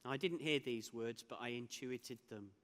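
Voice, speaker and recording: A man's voice: mid-range voice, moderate pace, a bit bright. A man giving a conference keynote, telling a personal story with laughs and restarts. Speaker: keynote speaker. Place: large hall. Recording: hall with long reverb.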